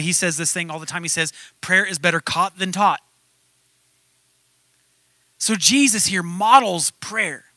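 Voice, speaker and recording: High, sharp-voiced male preacher. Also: no room sound. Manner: conversational preaching, rising to emphatic. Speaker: pastor. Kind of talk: sermon.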